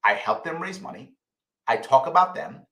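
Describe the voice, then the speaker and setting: Middle-aged new guy doing a live q&a stream, swears a lot, kinda high bright voice. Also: lively intonation, normal speed. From United States. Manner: emotional, repeats himself for emphasis; swears casually. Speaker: host answering viewer questions. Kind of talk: live ask-me-anything stream. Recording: roomy echo.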